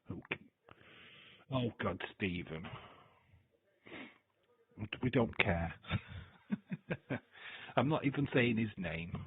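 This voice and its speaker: A lowish, husky male voice talks casually and loosely on a live stream, swearing freely and answering viewer comments. The sound is thin and phone-like, with a dry, close feel and no room around it. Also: sing-song, slow pace, pauses often, no echo. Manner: loose, swearing, laughing, chatty. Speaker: live-stream host reacting to wrestling.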